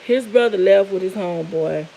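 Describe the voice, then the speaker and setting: Brief: middle-aged woman vlogger, gravelly fry in her voice, raw and candid, faint hiss behind. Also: mid-range voice, moderate pace, dark tone, rough recording. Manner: emotional, candid, tearful at moments. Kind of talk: personal storytelling to viewers.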